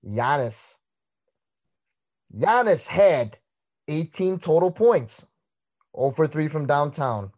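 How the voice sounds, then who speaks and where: A man's voice: on the high side, a little mellow. A young man co-hosting a podcast, smugly trash-talking in a sports debate. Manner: smug, teasing. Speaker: podcast co-host.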